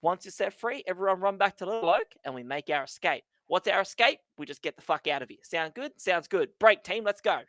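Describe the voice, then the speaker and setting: A game master voicing a centuries-old boy in a child's body who lays out plans in a brisk, bossy way and swears freely, on a dry close mic. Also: medium pitch, expressive, a bit bright, dry recording, voice pushed up, close to an everyday voice. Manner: brisk, bossy, swears, keeps asking "right?". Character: ancient boy in child's body, brusque leader.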